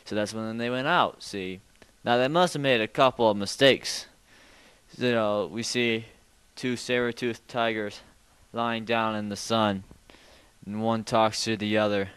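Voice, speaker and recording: A man's voice: on the low side, steady tone, normal speed, smooth, no room sound. A man telling a rambling comic story in a folksy way, full of asides. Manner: rambling, folksy delivery with many "you know"s.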